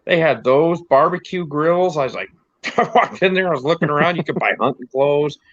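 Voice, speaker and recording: A man's voice: fairly high pitch, normal speed, fairly bright tone, no room sound. A man from the United States telling casual road-trip stories in a rambling way, laughing as he goes. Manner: rambling storyteller, laughs often. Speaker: podcast host. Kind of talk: casual chat. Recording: dull lo-fi dry recording.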